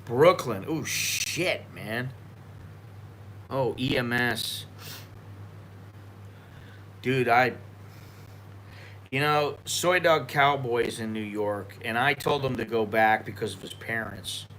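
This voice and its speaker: A man's voice: mid-range voice, slow pace, pauses often, a bit bright, slight background noise. An American man chatting loosely on a live stream while drinking tequila, swearing and rambling with many restarts. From United States. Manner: profane, rambling, frequent restarts.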